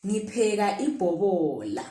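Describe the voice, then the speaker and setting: A woman's voice: mid-range voice, very animated, measured pace, mellow. A woman teaching a language lesson, patiently repeating phrases and modelling the question intonation. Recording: echoey room.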